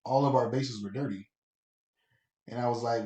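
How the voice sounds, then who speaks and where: A man co-hosting a podcast, telling a work story in a casual, animated and profane way. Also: fast talker, pauses often. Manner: animated, profane, rising pitch when worked up. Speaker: podcast co-host. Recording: echoey room, a bit far from the mic.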